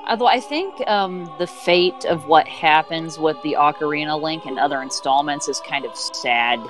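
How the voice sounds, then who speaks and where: A woman's voice: deep voice, normal speed, faint music behind. A woman chatting casually and giggling while a video game is played. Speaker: let's play co-host. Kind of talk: casual gaming commentary.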